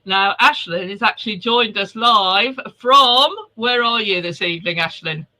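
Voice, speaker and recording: A man's voice: high-pitched, measured pace, sharp tone, low-quality recording. A male host on a video call from home, chatting casually and greeting viewers by name before a virtual event. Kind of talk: casual live webinar welcome.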